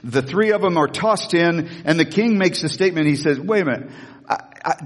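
A man preaching a sermon as pastor, animated, acting out Bible scenes in a raised voice. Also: on the high side, brisk, big-room sound.

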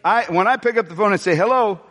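A middle-aged man preaching a sermon in a church, animated and jokey, with sudden shouts. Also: high voice, very fast, in a large hall. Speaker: pastor. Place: church hall.

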